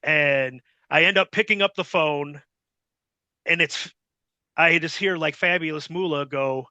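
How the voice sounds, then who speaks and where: Middle-aged male guest, rambling storyteller, sharp bright tone, close dry sound. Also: on the high side, unhurried, no echo. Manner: rambling, filler-heavy, acts out quotes. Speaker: podcast guest telling wrestling stories. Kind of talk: casual anecdote telling.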